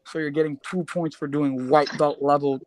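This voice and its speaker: A man in a casual podcast chat who talks in halting restarts and is playfully dramatic. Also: fairly high pitch, flat delivery, a little mellow, slight background noise, rough recording.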